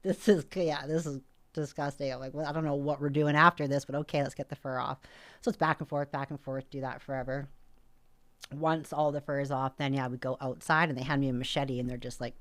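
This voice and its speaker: Low-voiced woman telling a story. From North America. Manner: animated, frequent "like" fillers, quotes herself. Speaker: podcast guest. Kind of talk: casual storytelling.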